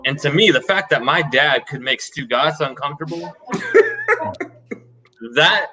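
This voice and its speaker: A man's voice: a little high, huge pitch swings, takes it slowly, a crowd in the background, low-quality recording. A man in casual podcast chat, offhand and self-deprecating. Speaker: podcast co-host.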